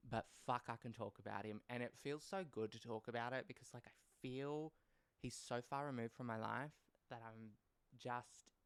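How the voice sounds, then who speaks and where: A young man with a clear, resonant, medium-pitched voice hosts a casual storytelling podcast on a dry recording. His manner is blunt and profane, with free swearing, and wry and rambling, trailing off into asides.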